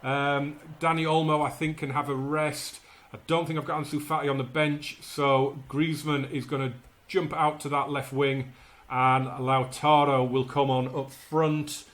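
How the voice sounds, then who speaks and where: This man's voice sits on the high side, and he talks at a measured pace with hardly any pauses. He's a gaming YouTuber calling the action of a football management game as he plays, excitable like a match commentator and worrying out loud over results.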